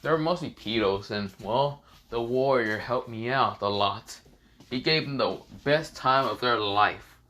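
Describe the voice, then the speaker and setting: Man playing a blunt young ninja, dismissive, bright voice. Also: medium pitch, measured pace.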